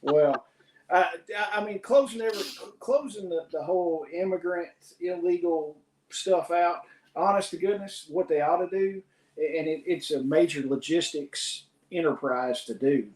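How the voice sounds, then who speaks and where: A man's voice: sits high, measured pace, a little mellow. A man hosting a podcast, talking in a rambling, opinionated way with frequent restarts. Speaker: podcast host. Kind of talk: casual opinion chat. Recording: roomy echo.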